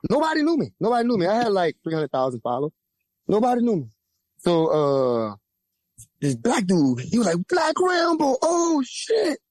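A young man from Louisiana with a Louisiana accent, telling a profane, lively story as a podcast guest and acting out the voices of the people in it. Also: dry recording. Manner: lively, profane, acts out quoted voices with big pitch jumps. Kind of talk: animated storytelling.

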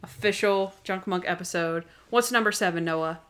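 A woman's voice: fairly low pitch, a bit bright. Chatty woman recapping TV episodes. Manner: chatty, full of "like" and quick asides. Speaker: podcast co-host. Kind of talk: casual chat recapping TV episodes.

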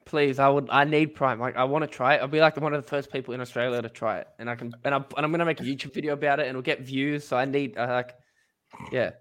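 A man's voice: medium pitch, fairly even intonation, quick pace, fairly bright tone. A man co-hosting a casual football podcast, talking eagerly and rambling with lots of fillers. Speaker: podcast co-host.

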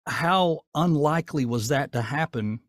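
A man with a Southern accent, talking casually in an interview in a folksy, down-to-earth way with a gruff edge. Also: fairly high pitch, lively intonation, unhurried, no room sound, studio quality. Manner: folksy, down-to-earth, rambling with fillers. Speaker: voice actor guest.

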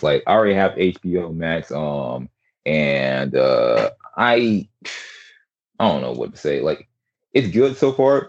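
A man's voice: very deep voice, darkish tone, lo-fi sound. A man hosting a podcast in casual chat, rambling with lots of fillers and restarts over an online call. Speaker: podcast host.

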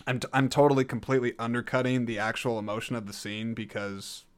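A man talks through a film review on his own show in an easy, joking way, wandering off track and correcting himself. His voice is smooth and clean, sitting at an ordinary middle pitch. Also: flat delivery, fast. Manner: rambling, jokey, self-correcting. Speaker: podcast host reviewing a film. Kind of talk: casual solo film review.

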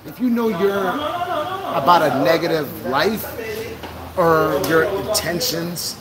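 A man's voice: sits high, big pitch swings, slow, heavy background noise. A man co-hosting a podcast, rambling through casual talk with restarts and laughs. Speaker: podcast co-host. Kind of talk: casual chat.

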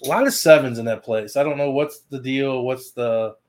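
A man's voice: medium pitch, moderate pace, a little hiss or hum. A man co-hosting a paranormal podcast, chatting casually and filling in and correcting details of the night. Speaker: paranormal investigation podcast co-host. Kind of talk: casual recap chat.

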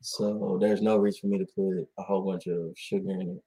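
A laid-back man in an easy conversation, his voice a little low and husky. He muses in slangy, unhurried phrases. Now and then he speeds up as he gets into a point. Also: flat delivery, warm tone, rough recording. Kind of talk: casual chat.

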